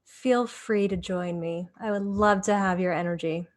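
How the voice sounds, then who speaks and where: A woman playing a tabletop game, speaking in a polite, measured, slightly hesitant way. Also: on the low side, steady tone. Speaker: player. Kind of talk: in-character chat at a tabletop game.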